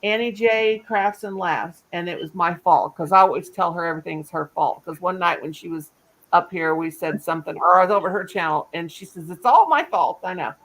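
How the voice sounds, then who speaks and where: A woman hosting a casual livestream chat, chatty and animated, laughing often. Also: fairly low pitch, a little fast, rough recording. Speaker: livestream host. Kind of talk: casual live-stream chat.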